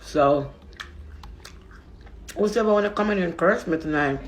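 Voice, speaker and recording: Woman, live-stream chat on a phone, soft and rambling, reassuring. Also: on the low side, measured pace.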